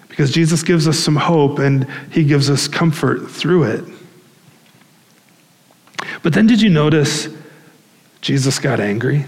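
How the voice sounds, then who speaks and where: A man's voice: on the high side, unhurried, pauses often, darkish tone, big-room sound, low-quality recording. A male pastor preaching a sermon in a conversational way, with fillers and restarts.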